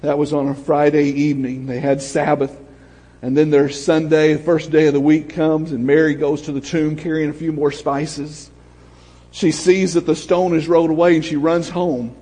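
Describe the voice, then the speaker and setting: Husky high-voiced preacher in a reverberant hall. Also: male voice, moderate pace. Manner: animated preaching, swinging from shouts to hushed storytelling. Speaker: pastor. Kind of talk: sermon. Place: church sanctuary.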